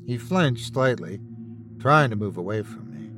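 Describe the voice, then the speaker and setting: A man's voice: mid-range voice, lively intonation, a little slow. A man narrating a first-person horror story with tense, dramatic delivery. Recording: with background music.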